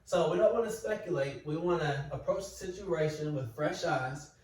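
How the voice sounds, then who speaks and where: A man explaining parenting steps in a calm, patient, step-by-step way, like a teacher at a whiteboard. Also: on the high side, moderate pace. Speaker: parenting educator. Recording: echoey room, mic far off.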